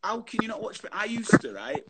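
A man's voice: sits high, very animated, fairly quick, over a noisy crowd. A man hosting a casual chat show over a video call, chatty and full of matey banter.

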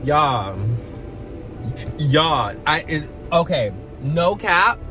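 Excitable hiccuping man chatting in a car. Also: on the high side, extremely slow, music in the background. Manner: excitable slang-heavy talk with many restarts. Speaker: vlogger. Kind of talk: casual chat. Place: parked car.

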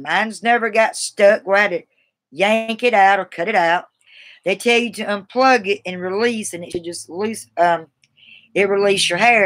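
A woman with a Southern American drawl talks to her live stream viewers in a loose, rambling way, laughing easily as she goes. Her pitch sits in an ordinary middle range. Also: fairly bright tone. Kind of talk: casual live stream chat.

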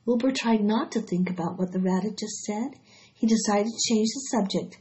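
A woman reading a children's story aloud in a steady, expressive way. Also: mid-range voice, moderate pace. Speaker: audiobook reader. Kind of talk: storybook read-aloud narration. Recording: dull lo-fi recording.

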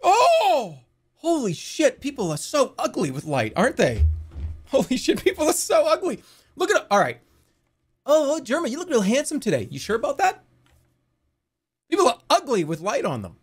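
Excitable male streamer with a bouncy voice. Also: very high voice, normal speed, pauses often. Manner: excitable, yelps and swears, breaks into laughter. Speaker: live streamer. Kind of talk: casual live-stream chatter while gaming.

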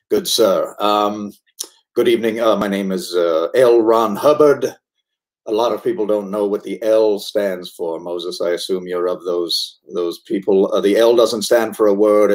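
A man's voice: lowish voice, lightly acted. A man playing a pompous, overly formal ghost of a cult founder at a comedy roast.

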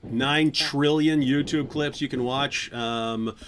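A man's voice: medium pitch, steady tone, takes it slowly, a bit bright, slight background noise. Chatty male live stream host. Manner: talkative, joking, many restarts. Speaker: apologetics channel host. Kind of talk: casual live stream chat.

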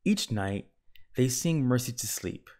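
A man reading a children's picture book aloud with gentle, measured storytelling. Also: mid-range voice, animated. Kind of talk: children's read-aloud narration.

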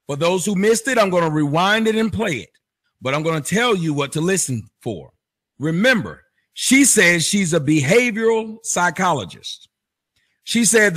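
A man's voice: sits high, sing-song, normal speed, fairly bright tone. A man hosting a commentary show, mocking a played clip with jokes and sing-song emphasis. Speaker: show host.

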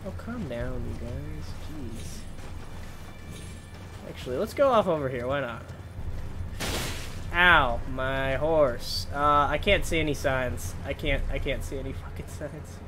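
A young man giving casual, rambling gameplay commentary, swearing and breaking into sudden loud yells. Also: medium pitch, a little slow, long pauses, background noise. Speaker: gaming streamer.

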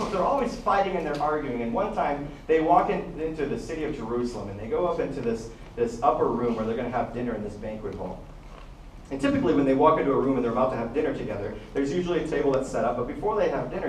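Male pastor, storytelling sermon voice, mid pitch, heard from a distance in a roomy hall with faint ambience. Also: fast talker, a little hiss or hum. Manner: storytelling, acts out Bible quotes in lively voices. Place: church hall.

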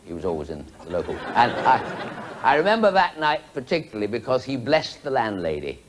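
A man's voice: mid-range voice, very animated, brisk, a crowd in the background. Guy telling a long joke, wanders off and back, voice all over the place, faint hiss. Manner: rambling, self-interrupting storyteller.

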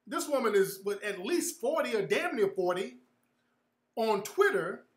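A man's voice: high-pitched, big pitch swings, a little slow, reverberant. A man hosting his own show, telling a story in a casual, profane, mocking way and often laughing at it. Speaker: podcast host.

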